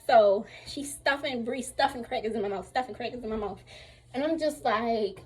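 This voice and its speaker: A young woman tells a rambling, animated storytime. She is still a little sore from recovery and speaks casually from home while getting dressed. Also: a little high, a little fast, slightly rough. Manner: chatty, animated retelling with acted-out quotes. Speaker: vlogger.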